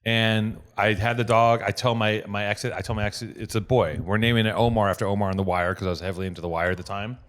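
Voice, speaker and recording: Fast-talking profane male podcast host. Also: on the low side. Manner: profane, animated storytelling with acted-out quotes. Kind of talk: casual podcast chat.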